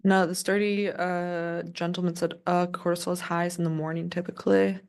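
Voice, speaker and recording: A woman's voice: fairly low pitch, level tone, fairly quick, clear, resonant tone. A young woman casually chatting as a co-host of a live trading stream, rambling with lots of fillers and restarts. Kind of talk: casual livestream chat.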